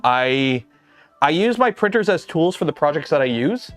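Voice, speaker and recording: A man's voice: on the high side, sing-song, normal speed, faint music behind. Rambling man streaming from his garage. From Canada. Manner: rambling, many "like" fillers. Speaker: livestream host. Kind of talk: casual livestream chat. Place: home garage workshop.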